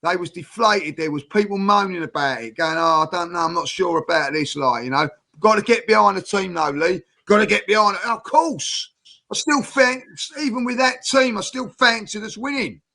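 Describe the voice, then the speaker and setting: Fan pundit guy, high voice with gravel in it, ranting and firing off questions. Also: moderate pace, pushed and bright. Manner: ranting, indignant, rhetorical questions. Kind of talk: heated panel talk.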